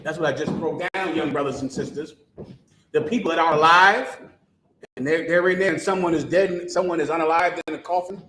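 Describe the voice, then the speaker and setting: Echoey, fairly high-voiced male street preacher. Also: a little fast, noisy background. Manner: emphatic and sarcastic, with rhetorical questions. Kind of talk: street sermon.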